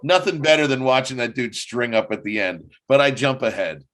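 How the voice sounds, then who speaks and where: A man hosting a casual review chat, animated, laughing often and talking his way through each scene. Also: medium pitch, brisk. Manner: animated, laughs often, jumps into quoted voices. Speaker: podcast host.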